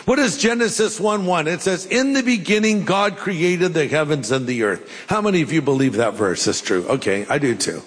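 An older man preaching a sermon, telling folksy stories with jokes and pauses. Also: a little high, animated, fairly bright tone, breathy edge. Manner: folksy, jokey storytelling with pauses. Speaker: pastor. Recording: long hall reverb.

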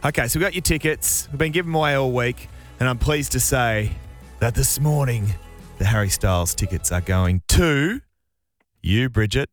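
A man's voice: medium pitch, normal speed, faint music behind. Cheeky Australian radio co-host man. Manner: teasing, cheeky. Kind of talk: breakfast radio banter.

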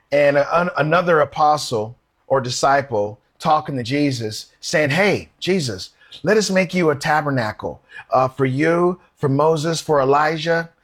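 Husky man preaching from scripture. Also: medium pitch. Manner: reads verses aloud and comments informally; asks the listener questions. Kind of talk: sermon with scripture reading.

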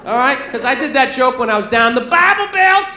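A man performing a stand-up comedy set in a club, telling profane, animated stories. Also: extremely high pitch, brisk. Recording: echoey club with crowd noise. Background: audience laughter.

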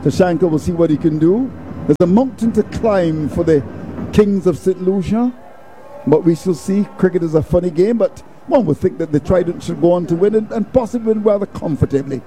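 Dark-voiced male cricket commentator. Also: high-pitched, brisk. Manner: folksy, proverb-quoting, steady play-by-play. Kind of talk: ball-by-ball commentary.

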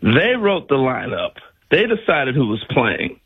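Husky animated older man telling stories. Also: medium pitch, unhurried, narrow, tinny audio. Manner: animated storyteller, acts out other people's lines, laughs often. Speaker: former major league player, guest. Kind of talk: casual storytelling on a radio talk show.

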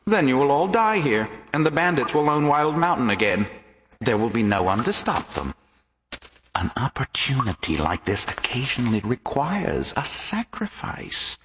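A man's voice: medium pitch, sing-song, background noise, lightly acted. A man playing a scheming tempter villain. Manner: slow, commanding, swings from hush to loud. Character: scheming, menacing male tempter promising power. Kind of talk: audio drama acting. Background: music.

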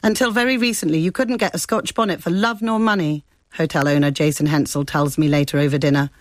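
A woman correspondent reading a scripted radio report in a measured, descriptive way. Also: sits low, fairly even intonation, dry recording. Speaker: foreign correspondent.

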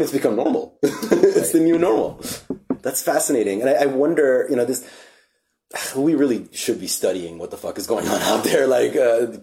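A man hosting a podcast, talking in a relaxed, reflective way and swearing casually. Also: on the low side. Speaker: podcast host.

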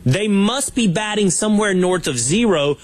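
A man hosting a casual talk show, wry and animated, stretching words out for emphasis. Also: sits high, normal speed. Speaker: podcast host.

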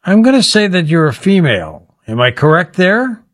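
A man hosting a radio talk show with a fairly high voice that rises and falls with lots of animation. He teasingly quizzes a mystery guest in a playful interview. The sound is dry and close. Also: big pitch swings, moderate pace, fairly bright tone, no echo.

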